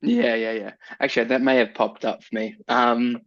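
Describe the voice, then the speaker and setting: A man's voice: mid-range voice, steady tone, moderate pace, fairly bright tone, no echo. Guy cohosting a chat podcast, laughs a lot, kinda rambly, dry dull mic. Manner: chatty, laughs often, trails off with "I don't know". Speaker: podcast co-host. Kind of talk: casual chat.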